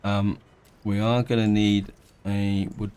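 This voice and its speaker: A man of middle age narrates his city-building game in a relaxed, unhurried way. His voice sits on the low side, and he pauses often, restarting sentences and weighing his options aloud as he goes. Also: clean tone. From England. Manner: thinking aloud, hesitant, many restarts. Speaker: game let's-player. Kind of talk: casual gameplay commentary.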